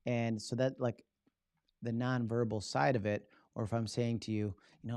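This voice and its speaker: A man hosting a live stream on public speaking, teaching in an energetic, casual way and often checking in with "right?". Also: medium pitch, moderate pace, smooth, no room sound, studio quality.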